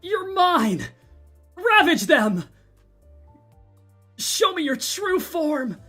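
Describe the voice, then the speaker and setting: A confident young game hero delivers short battle lines slowly and dramatically, in a man streamer's impression. His voice is lively and has a lot of pitch movement. There is faint music in the background. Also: heavily acted. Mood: dramatic.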